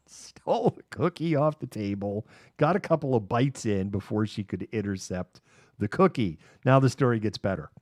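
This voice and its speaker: This livestream host has a lowish, darkish voice and speaks animatedly at a normal speed, rambling through an anecdote with frequent laughter and acted-out voices. The recording is dry and studio quality.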